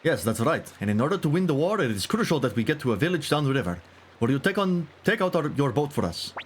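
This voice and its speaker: A man's voice: a little high, sing-song, fast, slight background noise, pitched above the performer's own voice. A man voicing a polite, earnest young man who speaks formally.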